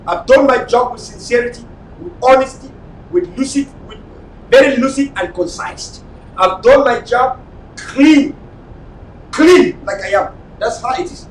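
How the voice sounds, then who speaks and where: A man with a Cameroonian accent hosting a late-night live online talk show, speaking in an impassioned, repetitive way and sometimes shouting. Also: a little slow. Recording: echoey room, mic at a distance, faint rumble.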